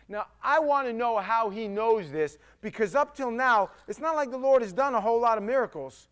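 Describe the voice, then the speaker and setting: A male pastor preaching a sermon in an animated, conversational way, acting out quotes. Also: extremely high pitch, moderate pace, few pauses, clean tone.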